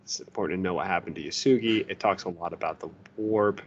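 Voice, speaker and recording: A podcast co-host gives a loose, profane, joking book review in a casual chat, laughing at his own jokes. He has a deep voice and talks fast. The audio is dull, with slight background noise.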